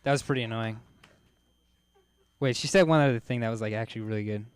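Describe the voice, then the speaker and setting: A man's voice: medium pitch, fast, clean tone, no echo. A man doing a loose, self-mocking stand-up set on a comedy club stage, laughing at his own jokes.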